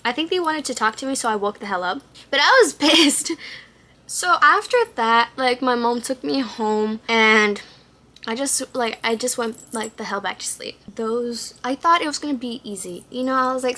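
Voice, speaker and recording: Bright, animated young woman vlogger. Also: on the high side, moderate pace. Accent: Texan. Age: young adult. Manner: animated, slangy, swears and acts out quotes. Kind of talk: casual storytime.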